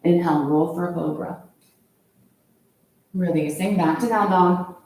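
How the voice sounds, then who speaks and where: A woman leading a yoga class, calmly cueing each pose in time with the breath. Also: on the low side, a little slow. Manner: calm, steady cueing of poses with the breath. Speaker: yoga instructor. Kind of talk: guided yoga class instruction. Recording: very echoey room, voice from far off.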